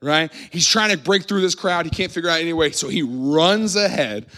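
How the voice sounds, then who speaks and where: A man from the Midwest preaching a sermon in a church, telling the story with lively acted-out voices and frequent laughs. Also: on the high side, normal speed. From American Midwest. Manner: animated storytelling, acts out crowd voices, laughs often. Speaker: pastor.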